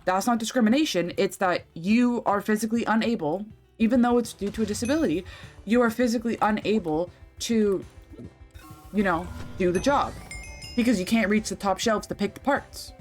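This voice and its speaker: A woman's voice: medium pitch, moderate pace, darkish tone, soft background music. A young woman streaming a game, rambling and chatty, swearing freely as she talks. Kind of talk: casual livestream chat while gaming.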